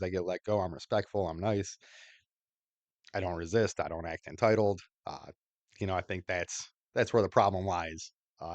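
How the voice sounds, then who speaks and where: Blunt low-voiced male podcast host. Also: a little mellow, no echo. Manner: blunt, opinionated, crude. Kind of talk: casual commentary over clips.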